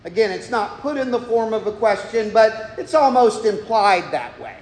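A man preaching a sermon in an animated, rhetorical way, sometimes acting out imagined listeners, heard in an echoey church. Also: high voice, normal speed. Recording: echoey hall, far from mic.

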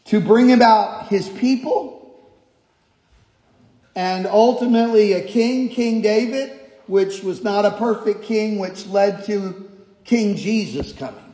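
A male pastor preaching a sermon, emphatic and repetitive, moving from quiet stretches to shouted points. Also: sits high, takes it slowly. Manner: emphatic, repeats key phrases, shifts from quiet to shouting. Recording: echoey hall.

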